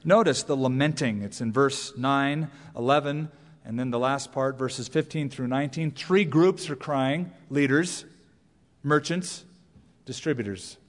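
A man preaching a sermon as a pastor, emphatic and rising to high cries on key words. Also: measured pace. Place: church sanctuary. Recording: long reverb of a large hall.

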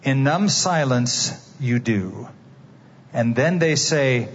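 A man's voice: mid-range voice, lively intonation, slow pace, slight background noise. A man preaching a sermon as a dramatic story, asking his listeners direct questions. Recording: dull, reverberant hall.

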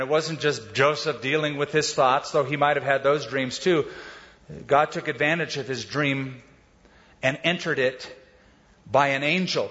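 A middle-aged male pastor giving a sermon, telling stories in a conversational way and speeding up and slowing down as he goes. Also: a little high, sharp tone. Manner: conversational storytelling, varies pace. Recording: dull sound with long hall reverb.

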